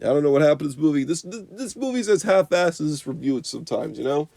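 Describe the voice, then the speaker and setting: A man's voice: fairly high pitch, animated, fast talker, creaky, a little mellow, dry recording. A young man giving an unscripted, profane movie review rant, rambling with constant "you know" and "like".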